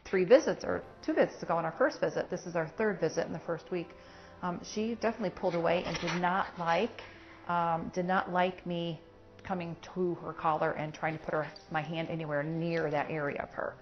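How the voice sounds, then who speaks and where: Brief: woman dog trainer, lowish voice, practical teaching, dull lo-fi recording with faint music. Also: steady tone, brisk. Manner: practical, explaining while working a puppy. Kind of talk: hands-on training lesson. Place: in a home.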